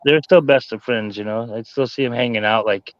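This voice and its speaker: A man with a mid-pitched voice chatting loosely, leaning on "you know" and "that type of thing". The recording sounds dull and lo-fi, and the room is dry. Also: a little fast, no echo. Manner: rambling, peppered with "you know". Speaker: dog owner in conversation. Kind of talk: casual chat.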